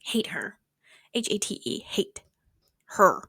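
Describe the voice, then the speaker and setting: Twenties woman vlogger, fast sardonic rambler, mic right at the mouth, no room sound. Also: medium pitch, sing-song, sharp tone, breathy edge, dry recording, whispered, studio quality. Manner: fast-talking, swears freely, sarcastic asides. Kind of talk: rambling casual chat. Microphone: close mic held near the mouth.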